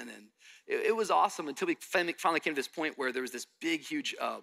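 A man's voice: on the high side, expressive, very fast, creaky, sharp tone. A young adult man from Miami preaching a sermon, telling a story with animation and acting out the dialogue. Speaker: pastor.

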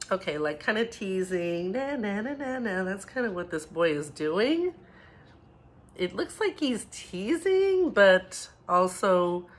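A woman teaching preschoolers from home, talking gently and encouragingly and mixing in Spanish words. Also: fairly low pitch. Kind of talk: home video lesson for young children.

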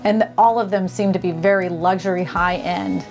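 A woman's voice: lowish voice, fairly even intonation, normal speed, darkish tone, soft background music. A woman hosting a casual vlog, touring homes with gushing, enthusiastic commentary and frequent exclamations. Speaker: vlog host. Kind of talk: casual home tour commentary.

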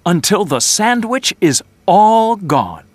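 A reader narrating a children's story aloud slowly and clearly for English learners. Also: medium pitch, no echo. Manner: slow, clear, expressive reading.

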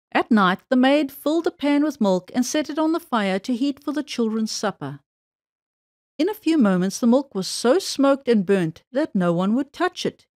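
A woman reading a fairy tale aloud for children in a gentle, measured storytelling way. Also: fairly high pitch, no echo, studio quality.

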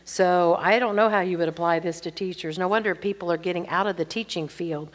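A woman's voice: lowish voice, brisk. An older woman teaching, reading audience questions aloud and answering them candidly with chatty personal stories. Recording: long reverb from a hall.

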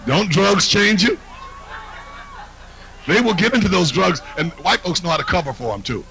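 Brash, lively stand-up comic, man. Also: high voice, moderate pace, vocal fry, faint music behind, poor audio. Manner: brash, mocking, confiding asides to the crowd. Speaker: stand-up comedian. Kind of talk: live stand-up routine. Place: comedy stage.

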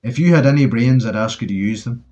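A man's voice: fairly low pitch, fairly even intonation, quick pace, a little mellow, lo-fi sound, natural voice. A man reading the part of a blunt, commanding British army sergeant in a wartime audiobook, barking orders. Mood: bellowing. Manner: gruff, barks orders, sometimes bellows.

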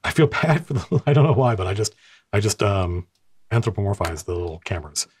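A man's voice: lowish voice, lively intonation, brisk, darkish tone, a little hiss or hum. A middle-aged man narrating a tabletop game as game master, talking in a casual, rambling way with many restarts.

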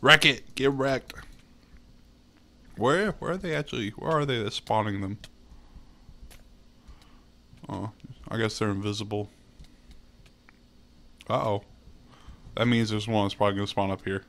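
A man giving excitable gameplay commentary, laughing often and swearing. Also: fairly low pitch, normal speed, long pauses. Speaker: gamer.

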